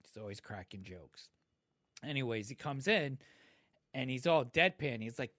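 A man in his thirties casually telling a profane, laid-back story to friends, getting animated when he quotes others. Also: mid-range voice, moderate pace, no echo, studio quality.

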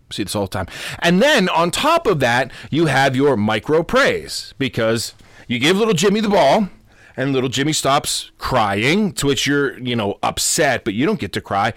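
Lively-pitched man, podcast life coach. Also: no echo, studio quality. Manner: repetitive, self-correcting, asks "okay?" often. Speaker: Lutheran pastor and podcast host. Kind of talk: unscripted teaching talk.

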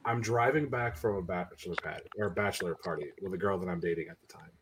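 A young man with a somewhat low voice tells ghost stories in a loose, casual podcast chat. He is animated and profane, throwing in curses as he talks. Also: quick pace, noisy background. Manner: profane, animated, swears freely.

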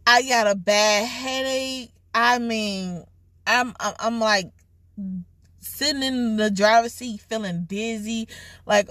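A young woman with a fairly high voice tells a story straight to her viewers in a casual storytime style. She is openly overly dramatic and animated. The recording is close and dry. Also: slow, no room sound. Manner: self-described overly dramatic, animated retelling. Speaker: vlogger.

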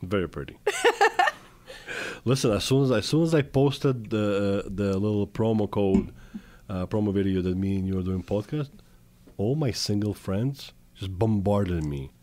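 A man's voice: on the low side, sing-song, measured pace, a little mellow. A man hosting a podcast, asking eager questions in casual chat, joking and often restarting his sentences. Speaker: podcast host.

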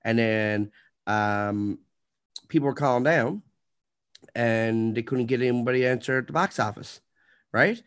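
A man's voice: medium pitch, measured pace, long pauses, a bit bright, smooth. A man hosting a podcast, ranting in a heated, profane way during a casual chat. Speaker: podcast host.

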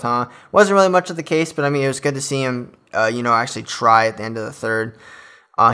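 A man's voice: medium pitch, pushed and bright, clean tone. A young man hosting a casual solo sports podcast, chatting loosely with lots of fillers and an enthusiastic fan's energy. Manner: chatty, filler-heavy, enthusiastic fan talk. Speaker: podcast host.

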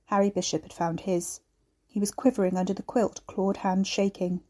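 A woman, the author, reading her own dark novel aloud in a measured storytelling style. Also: medium pitch, level tone. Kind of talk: audiobook narration.

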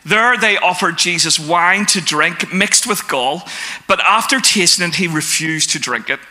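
A man's voice: high voice, expressive, a little slow, sharp tone. A man preaching a sermon to a congregation, asking them questions and reading scripture aloud. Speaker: pastor.

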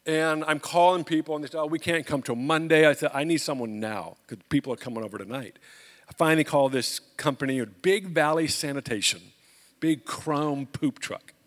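A man preaching as a pastor, telling a personal story and acting out the dialogue with lively energy. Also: on the high side, normal speed, long reverb tail. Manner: animated storyteller, acts out dialogue. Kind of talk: storytelling sermon.

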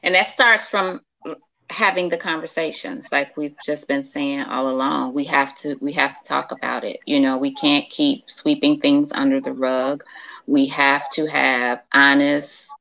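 A woman's voice: low-pitched, steady tone, measured pace, gravelly, pushed and bright, highs cut off. A woman co-hosting a casual panel discussion, speaking firmly and emphatically. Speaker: podcast co-host.

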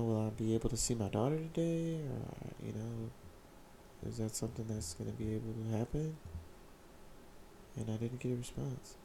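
Gravelly, halting man telling his story. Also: mid-range voice, dark tone, slight background noise. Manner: halting, repeats words, casual slang. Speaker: vlogger sharing a personal story. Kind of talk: candid personal storytelling.

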